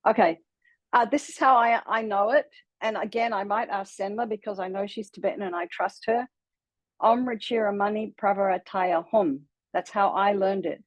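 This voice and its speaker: A woman from Australia with an Australian accent, a Buddhist nun teaching a class in a relaxed, chatty way, laughing easily and sounding out mantras slowly. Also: mid-range voice, no room sound, lo-fi sound.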